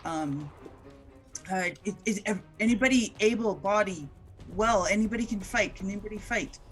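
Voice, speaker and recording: A woman's voice: medium pitch, moderate pace, faint music behind. A woman playing her character in a tabletop game, hesitant and often restarting her sentences. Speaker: player.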